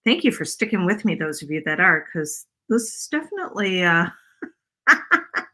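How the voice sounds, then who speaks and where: A woman chats her way through a craft project for her live viewers. Her voice is bright and forward, sitting a little low. She rambles, jokes about herself and calls her audience y'all. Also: sing-song, normal speed. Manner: rambling, self-deprecating, addresses viewers as y'all. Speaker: craft video host. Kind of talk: casual chatty craft livestream.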